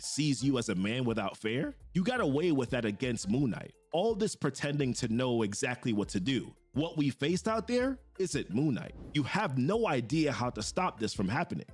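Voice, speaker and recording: A man's voice: mid-range voice, slightly rough, voice pushed down. Fierce warrior woman, read by a man.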